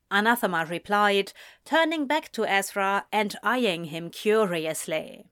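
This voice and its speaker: A woman narrating an audiobook in a gentle, measured storytelling voice. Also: mid-range voice, animated, clean tone, no room sound, studio quality. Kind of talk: scripted narration.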